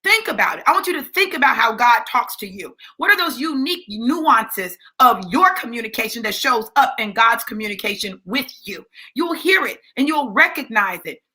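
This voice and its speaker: A woman's voice: fairly high pitch, big pitch swings, moderate pace, few pauses, pushed and bright. A woman preaching a sermon in a sassy, conversational way, repeating phrases for emphasis. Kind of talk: sermon teaching.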